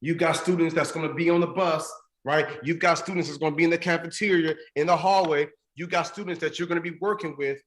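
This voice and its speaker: A man's voice: on the high side, fairly even intonation, fast talker. A young man with a slightly raised voice speaks to a room of teachers. He builds his motivational speech through repeated phrases and rhetorical questions. The sound is roomy and echoey, as in a large event space. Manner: repetitive preaching cadence with rhetorical questions.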